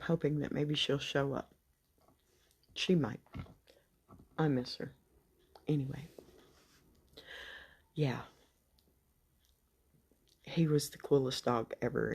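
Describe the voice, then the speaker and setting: An older woman with a Texas drawl talks off the cuff to her followers, rambling and folksy, now and then sinking into a soft whisper. Her voice sits low and gravelly, with a mellow, husky edge. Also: steady tone, measured pace, long pauses. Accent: Texan. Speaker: vlogger. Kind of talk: unscripted chat to subscribers.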